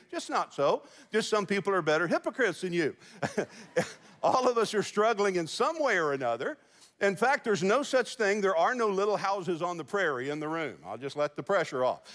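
Pastor guy preaching, fairly high voice, big echoey church hall. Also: fairly bright tone. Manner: folksy storytelling with jokes. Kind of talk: sermon. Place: large church auditorium. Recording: long church hall reverb.

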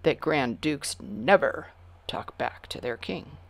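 A commanding storybook king speaks slowly and grandly, his lines rising into loud exclamations, as a woman reading aloud plays him. A gravelly grain sits under his regal voice. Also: medium pitch, wildly swooping pitch, full character voice. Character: stern but delighted old king.

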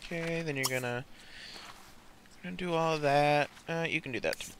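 A man's voice: on the high side, moderate pace, noisy background. A young man hosting a casual gameplay let's play, often exasperated and scolding the characters he controls.

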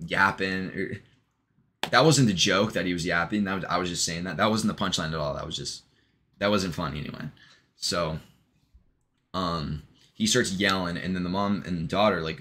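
A vlogger with a deep, sharp-toned voice at normal speed retells a long joke in a rambling monologue. It's casual and full of ums, restarts and offhand swearing, with a little hiss or hum in the audio.

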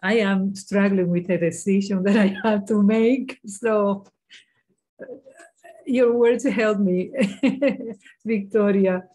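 Woman, slow and breathy, grateful spiritual sharing. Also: medium pitch, fairly even intonation, poor audio. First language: Spanish. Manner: slow, warm thanks, soft laughs. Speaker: group member responding.

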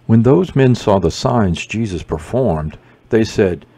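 Guy reciting morning prayer, dark mellow voice, bit husky, slow and measured. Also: fairly low pitch, animated. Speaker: prayer leader.

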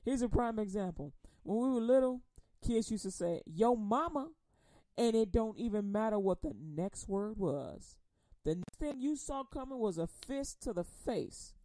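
Slow, warm-voiced woman preacher. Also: a little high, animated, dry recording. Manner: chatty, laughs often, acts out quoted voices; reads scripture slowly and deliberately. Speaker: radio preacher. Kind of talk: casual sermon.

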